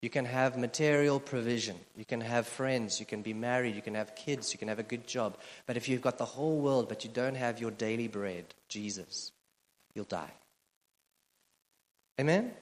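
A male pastor delivers a sermon in a casual, humorous way, trailing off into fillers and restarts. His voice sits at an ordinary middle pitch for a man. The sound carries the long, echoing reverb of a large church hall. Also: normal speed. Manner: conversational, self-deprecating humor, frequent fillers. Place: church auditorium.

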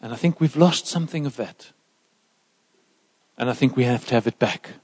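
A man preaching a sermon in a church, emphatic and lively, dropping into soft asides. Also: medium pitch, moderate pace, husky. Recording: reverberant church hall.

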